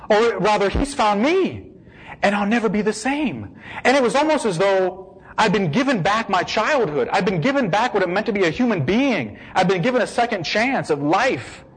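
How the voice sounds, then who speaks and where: A man giving an emotional personal testimony, shifting between hushed, slow passages and excited bursts. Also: on the high side, husky, low-quality recording.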